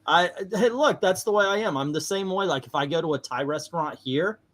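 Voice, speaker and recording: A man's voice: a little high, brisk, a bit bright. A man hosting a casual livestream, telling rambling stories and laughing often. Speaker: livestream host.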